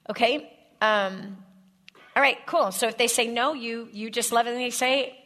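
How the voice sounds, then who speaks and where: Bright-voiced woman preaching to a congregation. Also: fairly high pitch, brisk. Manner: direct, coaching the audience with scripts and repeated questions. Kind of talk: sermon.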